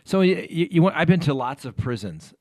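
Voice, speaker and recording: A man's voice: a little high, very animated, fairly quick, darkish tone, no echo, studio quality. A man hosting an interview as a trial attorney, talking casually with frequent restarts and repeated words.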